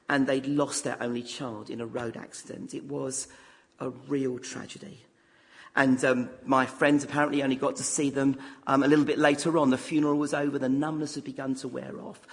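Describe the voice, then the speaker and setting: A man's voice: medium pitch, level tone, fairly quick, vocal fry, big-room sound. A man preaching a sermon, putting rhetorical questions to the congregation.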